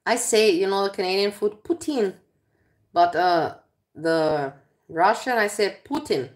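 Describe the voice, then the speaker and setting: A woman's voice: medium pitch, a little slow. A woman hosting a casual vlog, chatting to viewers and laughing along with her companion. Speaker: vlogger host.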